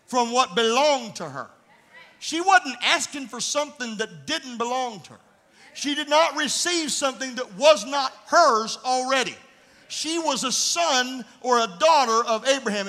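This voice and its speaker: A man preaching a fervent sermon as pastor, building up to shouts. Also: extremely high pitch, big-room sound. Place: church sanctuary.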